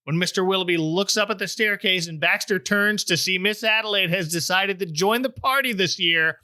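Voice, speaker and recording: A man's voice: high voice, a little fast, bright, forceful tone, dry recording, clean studio sound. A middle-aged man hosting a casual chat recap, wry and joking. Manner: wry, joking, puts on silly voices for quotes. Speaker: podcast host recapping a TV special.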